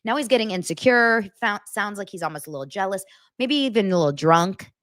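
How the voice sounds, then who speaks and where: A woman's voice: mid-range voice, expressive, quick pace, fairly bright tone, dry recording, studio quality. A woman hosting a casual commentary vlog, talking frankly and chattily with frequent asides. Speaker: host.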